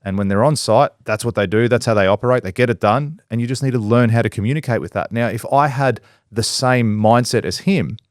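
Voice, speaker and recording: A man's voice: mid-range voice, brisk, hardly any pauses, no room sound, studio quality. A man on a casual podcast, a business owner who talks bluntly, swears freely and acts out quotes.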